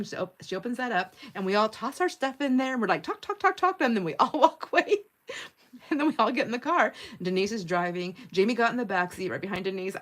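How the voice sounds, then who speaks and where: A middle-aged woman hosting a casual livestream, chatting and laughing often as she tells a story and reads viewer comments while working at a craft table. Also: medium pitch. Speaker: livestream host.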